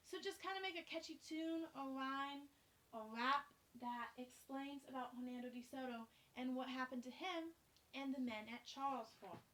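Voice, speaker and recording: A young woman teaches a class, talking students through a task in a friendly, chatty way. She explains each step plainly. Her voice is high. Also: moderate pace, fairly bright tone. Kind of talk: classroom instruction.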